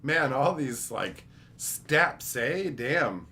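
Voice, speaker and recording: A man's voice: mid-range voice, big pitch swings, very slow, bright, forceful tone, slight background noise. A young man chatting casually on a livestream, rambling, joking and swearing freely. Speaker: streamer.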